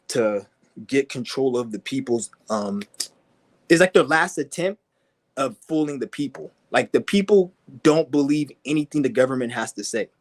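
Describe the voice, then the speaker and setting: A man giving a profane, aggressive ranting monologue, mocking and swearing constantly. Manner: mimics people in high whiny voices. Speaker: vlogger.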